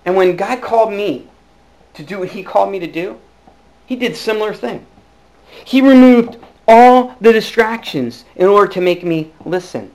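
A male pastor preaching a sermon, telling his own calling story with lively swings between hushed and loud delivery and frequent restarts. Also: high-pitched, moderate pace. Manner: frequent restarts and repeated words. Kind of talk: sermon with personal testimony.

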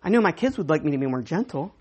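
A woman's voice: low-pitched, big pitch swings, very fast, a little mellow, slightly rough. A middle-aged woman preaching a conversational sermon, with self-deprecating asides and stories.

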